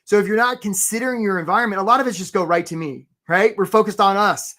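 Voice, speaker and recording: A man hosting a live career webinar. He talks with energy, keeps asking "right?" and gives quick shout-outs to viewers. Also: high voice. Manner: acts out voices for stories, playful.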